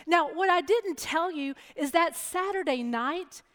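A middle-aged woman preacher giving a sermon and telling a personal story in a lively, chatty way. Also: extremely high pitch, unhurried. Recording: long hall reverb.

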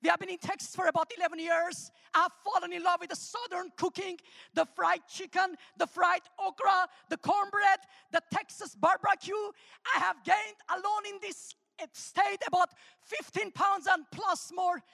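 A woman's voice: very high voice, moderate pace, gravelly. A woman from Armenia, a guest speaker giving a humorous sermon and testimony, calling out to the congregation. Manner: humorous, animated, calls out to the congregation. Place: church. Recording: long church hall reverb.

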